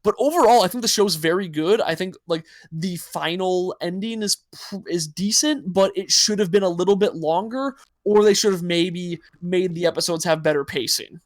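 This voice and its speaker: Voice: medium pitch, moderate pace, few pauses, no room sound, clean studio sound. A podcast host chatting casually, rambling with lots of fillers and frequent giggles. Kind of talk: casual chat.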